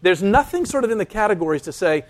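A man preaching a sermon, emphatic and animated, slowing for dramatic pauses and acting out quoted lines. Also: high-pitched. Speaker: pastor.

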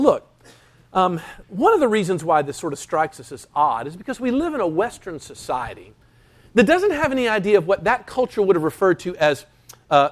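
A man preaching a sermon, emphatic and animated, slowing for dramatic pauses and acting out quoted lines. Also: high voice. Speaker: pastor.

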